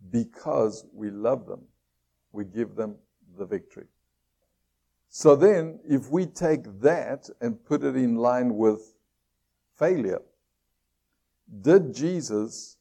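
Slow gravelly pastor guy preaching, lots of rhetorical questions, kinda husky. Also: mid-range voice, warm tone. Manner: asks the congregation many rhetorical questions; slows to stress key phrases. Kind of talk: sermon.

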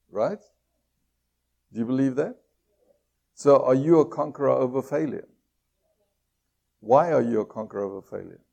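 A man preaching a sermon as a pastor. He reads scripture aloud, asks his listeners many rhetorical questions and slows down to stress key phrases. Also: medium pitch, vocal fry, dark tone.

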